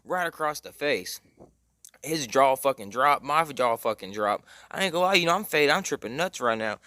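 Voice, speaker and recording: A man's voice: mid-range voice, pushed and bright, dry recording, studio quality. A young man telling a casual story, rambling with lots of slang, fillers and cursing. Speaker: storytime vlogger.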